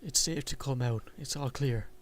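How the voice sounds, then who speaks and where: A man's voice: medium pitch, moderate pace, a little hiss or hum, lightly acted. A man reading the lines of a tired, worried male teacher creature in a visual novel game, speaking in a soothing, reassuring way.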